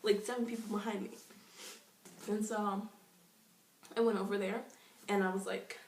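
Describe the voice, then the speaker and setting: A young woman telling a casual storytime vlog, gushing and excitable, peppering every sentence with "like," and calling herself shy and nervous. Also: medium pitch, normal speed, far from the mic. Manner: self-described shy and nervous. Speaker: vlogger. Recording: echoey room, voice off-mic.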